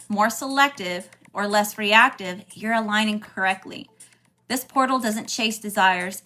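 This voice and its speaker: A woman's voice: medium pitch, pushed and bright. A woman hosting a spiritual livestream, chatting casually and greeting viewers by name.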